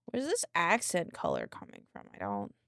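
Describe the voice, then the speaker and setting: A woman's voice: lowish voice, huge pitch swings, normal speed, vocal fry, pushed and bright, dry recording, studio quality. A young woman streaming live, chatting, rambling and giggling, greeting viewers by name and muttering to herself while she works on a design. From English-speaking. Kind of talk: casual live-stream chat while working.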